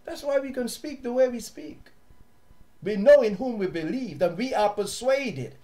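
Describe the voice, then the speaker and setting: A man with a southern African accent teaching his audience in an impassioned, preachy way, sometimes loud and sometimes hushed. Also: extremely high pitch, animated, moderate pace. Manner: preachy, repeats words, shifts from loud to hushed. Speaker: online teacher and host.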